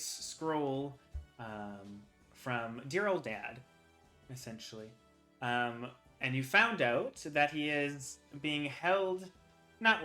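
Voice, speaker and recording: Game master: a man with a bright voice, halting narration, faint music behind. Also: mid-range voice. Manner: halting, lots of ums and likes.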